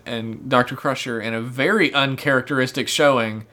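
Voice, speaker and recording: A man's voice: medium pitch, fairly quick, bright, forceful tone. A man co-hosting a podcast, casually recapping a TV episode with a profane, joking manner. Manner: profane, jokey, acts out characters in quotes. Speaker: podcast co-host.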